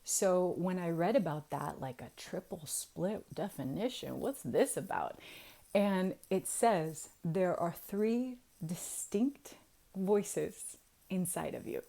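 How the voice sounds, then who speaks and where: A woman in her forties telling a story casually to her viewers, animated and laughing often, dropping to a hush and then getting loud. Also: lowish voice, takes it slowly, creaky. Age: 40s. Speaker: vlogger.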